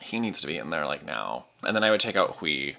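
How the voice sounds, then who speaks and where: A man's voice: rumbling low, fast talker, creaky. A man hosting and producing a podcast, chatting casually and gushing like a fan, with lots of "like"s. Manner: gushing, animated fan talk with many "like"s. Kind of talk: casual chat.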